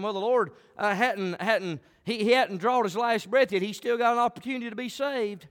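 A man preaching a sermon as pastor, animated and swinging between quiet talk and shouting. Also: sits high, brisk, few pauses. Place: church. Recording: long hall reverb.

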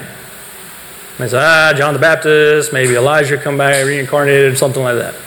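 In a reverberant hall with faint background noise, a man teaches a youth group. His voice is medium-pitched, creaky, and fairly bright, with fairly even intonation and a normal speed. He explains points, questions the listeners, and answers those questions himself.

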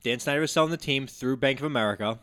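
A man's voice: medium pitch, very fast, a bit bright, dry recording. A man in casual podcast chat who keeps asking questions and dropping wry asides.

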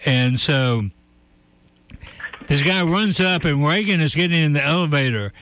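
A man's voice: fairly high pitch, lively intonation, unhurried, a bit bright, no room sound. A man hosting a call-in radio show, chatting casually with callers and telling stories with frequent laughter. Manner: chatty storyteller, laughs often.

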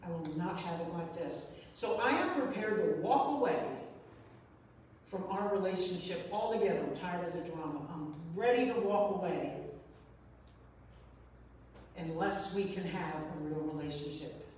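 A woman's voice: lowish voice, a little slow, long pauses, darkish tone, far from the mic, a little hiss or hum. Earnest woman in an echoey hall. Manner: earnest, repeats phrases for emphasis. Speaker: speaker sharing a personal story. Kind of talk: reflective personal storytelling.

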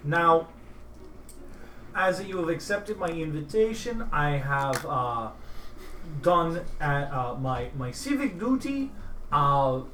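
Courtly host-commandant, mock German accent, bright voice, done by a man. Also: fairly high pitch, big pitch swings, slow pace, long pauses, far from the mic, a little hiss or hum, pitched below the performer's own voice, exaggerated voice. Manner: formal, courtly, hesitant. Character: smooth-talking male commandant hosting a feast. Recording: roomy with faint music.

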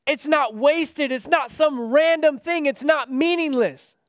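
High-voiced earnest male preacher, dry sound. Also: unhurried, no echo. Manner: earnest, building to impassioned pleas then dropping soft. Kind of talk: sermon.

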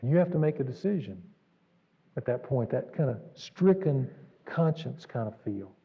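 Dramatic preacher in a reverberant sanctuary. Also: male voice, mid-range voice, animated, normal speed, breathy edge. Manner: earnest and dramatic, swinging from raised to hushed. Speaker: pastor. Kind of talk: sermon. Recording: dull recording in a reverberant hall.

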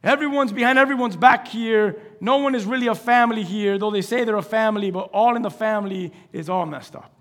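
A male pastor with a high voice preaches with lively storytelling, acting out each character in the scripture. He swings from loud, excited exclamations to quiet, hushed asides. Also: brisk, few pauses. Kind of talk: sermon.

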